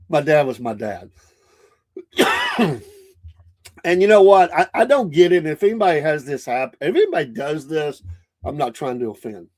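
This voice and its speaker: A man's voice: a little high, huge pitch swings, measured pace, long pauses. A middle-aged man with a Southern US accent, hosting a podcast as a casual, rambling monologue full of restarts and fillers. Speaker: podcast host.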